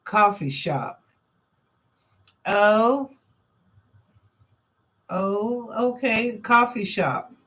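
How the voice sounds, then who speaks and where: Slow, chatty woman giving psychic readings. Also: medium pitch, expressive, fairly bright tone. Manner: chatty and informal, thinks aloud, repeats phrases. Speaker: psychic reader and show host. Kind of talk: live-stream psychic readings, answering chat questions.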